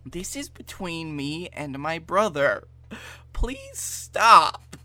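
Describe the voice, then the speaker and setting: A man voicing a calm, determined bearded male hero in a comedy podcast story, speaking in an earnest, measured way. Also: on the high side, no room sound, pitched above the performer's own voice, heavily acted. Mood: pleading.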